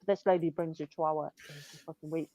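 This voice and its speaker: A woman's voice: deep voice, steady tone, fast talker, warm tone, no room sound, poor audio. A woman telling blunt, sweary stories about her shop customers in casual chat.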